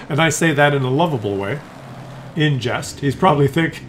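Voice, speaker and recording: A man's voice: on the high side, moderate pace, slight background noise. A man giving casual, chatty commentary on a tank game replay, teasing the player and chuckling with viewers.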